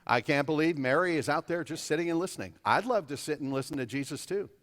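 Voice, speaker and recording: A man's voice: on the high side, fast, a bit bright, natural voice. A man voicing a frustrated, overworked woman muttering to herself in a kitchen, heard with echo in a church hall. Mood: exasperated. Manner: exasperated muttering.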